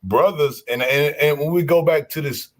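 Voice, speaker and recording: Man, casual stream talk, preachy, animated, restarts a lot. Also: fairly high pitch, moderate pace. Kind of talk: casual chat.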